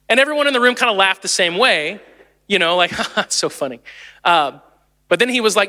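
High, bright-voiced pastor in a hall. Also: male voice, normal speed, pauses often. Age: 30s. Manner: conversational and animated, laughs easily. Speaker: lead pastor. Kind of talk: sermon.

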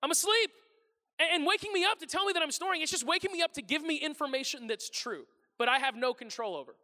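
A man in his thirties, a pastor telling funny stories about his family in a sermon, animated and self-deprecating, acting out his household's voices. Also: extremely high pitch, fast, in a large hall. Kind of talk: humorous sermon storytelling. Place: large church hall before a congregation.

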